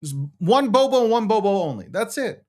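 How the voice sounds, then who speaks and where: This talk show host has a high, sing-song, slightly mellow voice and speaks a little fast. He rants with profanity and hostility, reading out social media posts and arguing against them.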